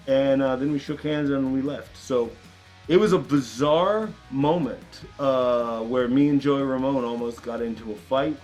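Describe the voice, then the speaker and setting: A man, a punk band member being interviewed, telling a long story in a loose, animated, profane way. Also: medium pitch, moderate pace, faint music behind. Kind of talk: casual storytelling.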